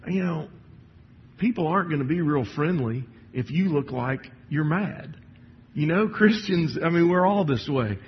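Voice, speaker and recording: A man delivers a sermon in a church hall, speaking in a loose, conversational way with frequent restarts and fillers. His voice sits at an ordinary pitch for a man. The sound is muffled, with a long hall echo and a faint hiss. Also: animated, unhurried. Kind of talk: sermon with read passages.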